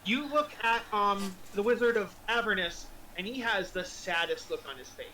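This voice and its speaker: A man's voice: high voice, lively intonation, normal speed, bright, forceful tone, slight background noise, low-quality recording. A man narrating as game master in a chatty way, laughing often and using lots of fillers.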